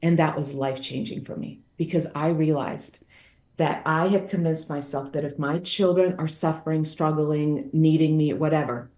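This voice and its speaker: A woman's voice: low voice, steady tone, moderate pace, dark tone, roomy sound. A woman guest author tells a personal story, candid and emphatic, repeating phrases for effect.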